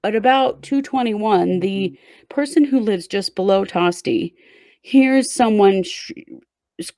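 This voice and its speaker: A woman's voice: mid-range voice, slow pace, a little mellow, no room sound. A woman hosting a true crime show, casually walking her co-host through a case step by step. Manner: conversational, recounts events step by step.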